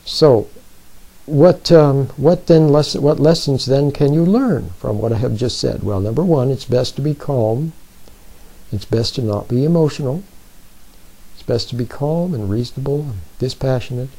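A man with a mellow, darker voice talks the listener through self-help advice in a plain, unhurried way. He repeats himself often and keeps pausing to check in with little asides. His pitch sits right in the middle for a man. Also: slightly rough, low-quality recording. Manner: repeats points and often checks in with "See?" and "Are you with me?"; slow and deliberate, with restarts. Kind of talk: plain spoken advice talk.

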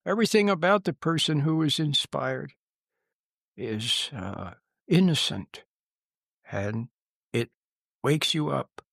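Male spiritual teacher, fairly high gravelly voice, reflective storytelling delivery. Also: a bit bright, no room sound, studio quality. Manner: unhurried, storytelling, reflective with small chuckles. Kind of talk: informal spiritual talk.

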